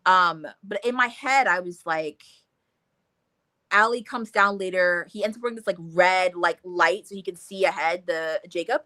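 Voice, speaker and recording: A woman co-hosting a casual book discussion, talking in an animated way, swearing freely and acting out scenes in quotes. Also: on the low side, moderate pace, no room sound. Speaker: book club co-host.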